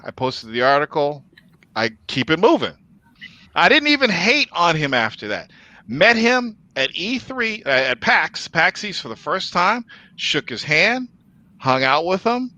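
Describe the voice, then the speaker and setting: Animated, high-voiced profane podcast host. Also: male voice, measured pace, no echo, rough recording. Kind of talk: casual podcast chat.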